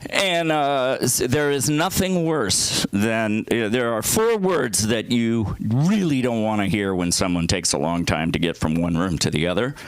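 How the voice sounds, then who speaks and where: A man's voice: lowish voice, lively intonation, a little slow, hardly any pauses, smooth, no room sound. Rambling man doing crude stand-up. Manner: rambling, self-deprecating and crude. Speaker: stand-up comedian. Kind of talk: open-mic stand-up. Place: comedy club stage.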